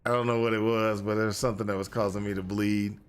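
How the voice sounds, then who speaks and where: A man's voice: lowish voice, little pitch movement, fast talker, smooth. Rambling man talking through a game. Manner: rambling, restarts often, exasperated exclamations. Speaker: gaming streamer. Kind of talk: casual gameplay commentary.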